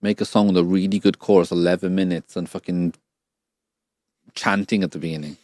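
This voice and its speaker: A man's voice: deep voice, steady tone, a little fast, darkish tone, dry recording. A man co-hosting a podcast, swearing and mocking as he reacts to a documentary in casual chat. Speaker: podcast co-host.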